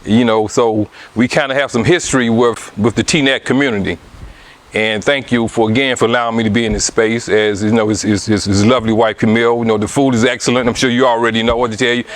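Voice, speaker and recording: A middle-aged man with a Southern accent speaks to a live audience at a book talk. He talks at an even middle pitch and keeps circling back with fillers and restarts as he explains his ideas. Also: quick pace. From Alabama, US. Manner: hesitant, many restarts and fillers. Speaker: author giving a book talk.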